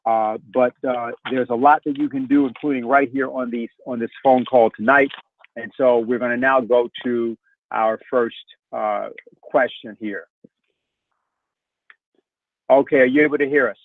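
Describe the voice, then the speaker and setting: A man moderating a conference call, making casual announcements in a halting way with many fillers. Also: mid-range voice, fairly even intonation, no echo. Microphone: telephone. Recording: narrow phone line.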